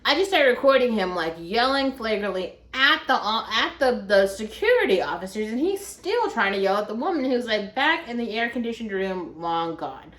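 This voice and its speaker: A young woman vlogger telling a story in a chatty, animated way, filling her talk with "like". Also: a little high, normal speed, hardly any pauses. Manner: chatty, heavy use of "like", animated. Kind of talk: casual storytelling. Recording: echoey room.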